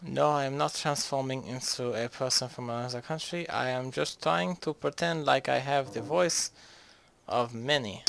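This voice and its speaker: Man, gravelly, mid-pitched, casual rambling gaming commentator with a faint background hiss. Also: normal speed. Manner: rambling, jokey, trails off mid-sentence. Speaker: gaming video host. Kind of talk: casual strategy-game commentary.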